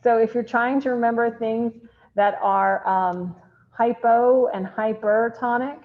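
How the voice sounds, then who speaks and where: A female chemistry instructor gives an online lecture in a chatty way, asking the class questions and answering them herself. Her fairly high voice stays steady and unhurried, picked up by a computer mic on a video call with slightly dull, lo-fi audio.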